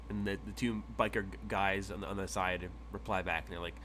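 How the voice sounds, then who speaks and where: Low-voiced male game master. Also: fairly even intonation, a little fast, few pauses, fairly bright tone, slight background noise. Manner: rambling, stammering retelling with quoted characters. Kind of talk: narrating a tabletop game.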